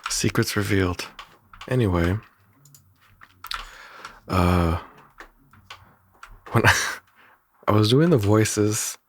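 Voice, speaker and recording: A man's voice: fairly low pitch, slow, long pauses, fairly bright tone, slight background noise. A man who animates and makes music, talking casually and in a rambling way through how he made a cartoon's sounds, often chuckling and restarting his sentences. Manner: rambling, chuckling, self-interrupting. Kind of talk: production breakdown talk.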